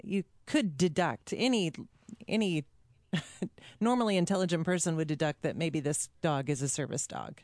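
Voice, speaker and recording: A woman's voice: deep voice, moderate pace, darkish tone, no room sound, studio quality. A woman in casual conversation, mostly listening and giving short, supportive reactions with chuckles. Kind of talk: casual chat.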